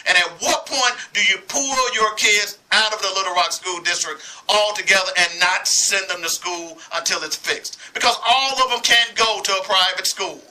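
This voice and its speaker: A man's voice: high-pitched, moderate pace, few pauses, pushed and bright, rough recording. A man from Arkansas giving impassioned sports commentary, heated and preachy, hammering points with repetition.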